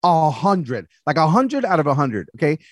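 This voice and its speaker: A man talking as a podcast guest, earnest and animated, telling stories about his faith. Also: fairly high pitch, moderate pace, husky, no echo, studio quality. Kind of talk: casual conversation.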